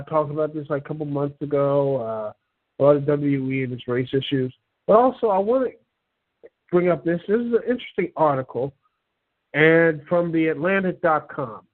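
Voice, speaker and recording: A man hosting an online talk show, chatting casually and reading an article aloud with many halting fillers and stumbles. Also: fairly high pitch. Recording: tinny phone-line sound.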